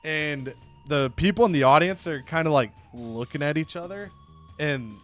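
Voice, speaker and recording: A man's voice: on the high side, moderate pace, soft background music. A young man narrating a wrestling game recap as a let's-play host, storytelling casually and swearing now and then. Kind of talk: animated game recap with put-on voices.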